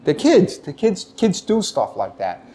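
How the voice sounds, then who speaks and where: A middle-aged man, a retired police lieutenant telling stories in an interview, animated and full of restarts. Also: sits high, measured pace, a little hiss or hum. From United States. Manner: animated storytelling, many restarts, acts out quoted voices. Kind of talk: casual interview talk.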